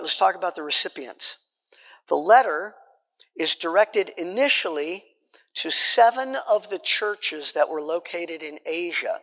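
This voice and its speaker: A man with a bright, forceful voice leads a Bible study, talking in an easy, conversational way and checking in with his class. His voice carries a long reverb from the hall around him. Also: a little high. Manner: conversational, repeats points, checks in with "right?".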